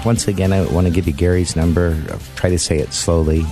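A man's voice: sits low, steady tone, quick pace, few pauses, dark tone, soft background music. A man hosting a car-buying talk radio show, chatting in an emphatic, storytelling way.

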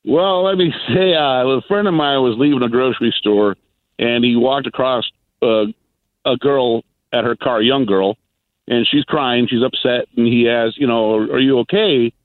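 A man calling into a radio show, telling an anecdote in a rambling, halting way. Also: medium pitch, no room sound. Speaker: caller. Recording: dry phone line.

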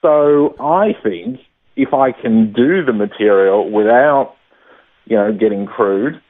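A man's voice: medium pitch, lively intonation, slow. A man, a stand-up comedian, chatting casually in an interview, self-deprecating and laughing often. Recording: tinny phone-line sound.

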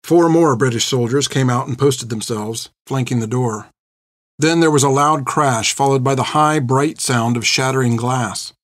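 A man reading a story aloud in a steady, measured narrating voice. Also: medium pitch, no echo, studio quality. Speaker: audiobook narrator. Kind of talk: scripted narration.

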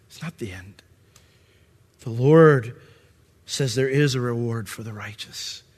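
A man's voice: mid-range voice, big-room sound. A middle-aged male pastor preaching a sermon in a conversational way, acting out the voices of God and of ordinary listeners. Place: church sanctuary.

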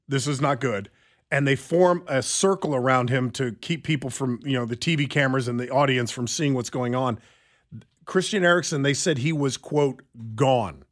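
A middle-aged man co-hosting a talk show, telling a story with stammered restarts and lively bursts. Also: medium pitch, normal speed. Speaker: radio show co-host. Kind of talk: casual chat.

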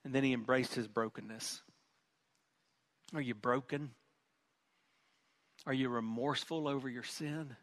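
A man's voice: medium pitch, fairly even intonation, unhurried, long pauses, a bit bright, no echo. A middle-aged male pastor preaching a sermon in an earnest, emphatic way, often repeating words.

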